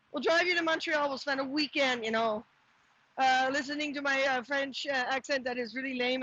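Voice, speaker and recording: A middle-aged Canadian woman chats casually on a live stream as she walks outdoors to the post office, rambling, restarting often and answering viewer comments aloud. Her voice sits high with a fairly bright tone. The recording is dry and dull.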